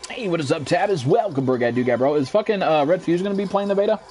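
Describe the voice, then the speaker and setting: A man's voice: fairly high pitch, fast talker, slight background noise. A young American man streaming a shooter game, cursing constantly, ranting and reading out viewers' chat messages. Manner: profane, excitable, reads chat aloud. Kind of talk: live gameplay commentary.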